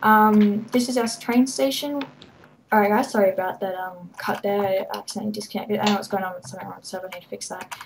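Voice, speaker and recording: A woman's voice: mid-range voice, fairly even intonation, vocal fry, background noise. Rambling woman touring her game. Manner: rambling and hesitant, many ums, quick to laugh. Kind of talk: casual game walkthrough commentary.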